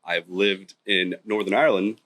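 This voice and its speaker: Low, bright-voiced American man. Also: fairly even intonation. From United States. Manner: earnest, halting with restarts. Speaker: podcast guest. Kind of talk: casual chat.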